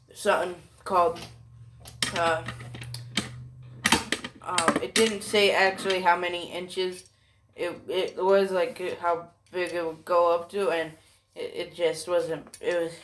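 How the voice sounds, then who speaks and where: A rambling fan storyteller who drags through the story at an unhurried pace, full of fillers and swearing. The voice sits at an ordinary middle pitch, and the talk keeps doubling back to fix details. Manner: rambling, profane, self-correcting, many fillers.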